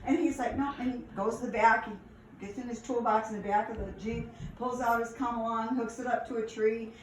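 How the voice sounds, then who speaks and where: A woman telling stories from her past in a casual, animated way, laughing and acting out the lines. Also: a little high, fairly quick, slight background noise. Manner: animated, laughing, acts out quotes. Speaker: storyteller. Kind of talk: casual storytelling. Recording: echoey room, distant mic.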